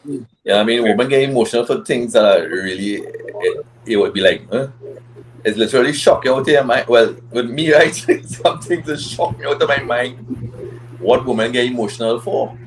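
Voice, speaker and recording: A man talking on a casual men's panel, relaxed and rambling with many restarts. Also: medium pitch, moderate pace, a little hiss or hum, low-quality recording.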